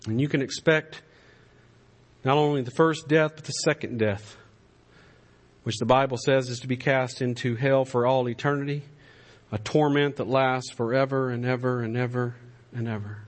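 A man preaching a sermon in a church, swinging from impassioned raised-voice exhortation to soft, pleading appeals. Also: mid-range voice, fairly even intonation, moderate pace. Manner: impassioned preaching, shouting at climaxes then dropping to a soft plea. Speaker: pastor. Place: church sanctuary.

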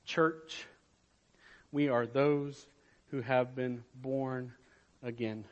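A man preaching a sermon to his church, slow and emphatic, swelling and dropping in loudness. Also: medium pitch, steady tone, dull audio. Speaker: pastor.

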